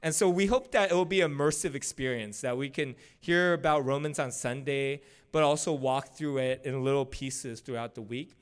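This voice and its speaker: A man's voice: medium pitch, moderate pace, few pauses, clear, resonant tone. A man preaching a sermon in a casual, conversational way, full of "like" and "you know", speaking to his church during a Sunday service. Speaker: pastor.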